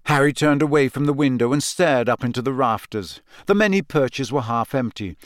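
In a mid-range voice, a man gives a measured, expressive audiobook reading of scripted narration. The sound is clean studio audio without echo.

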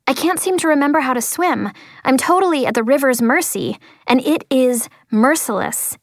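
A woman narrating a first-person story as an audiobook, expressive, slowing and softening at tense moments. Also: sits high, dry recording, clean studio sound. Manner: expressive, slows for tense moments, drops to quiet tones.

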